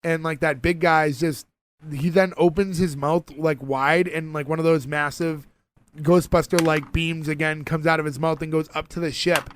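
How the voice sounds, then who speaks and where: A man co-hosting a podcast, retelling a TV episode in lively casual chat with lots of fillers. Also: on the high side, moderate pace, clean tone. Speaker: podcast co-host.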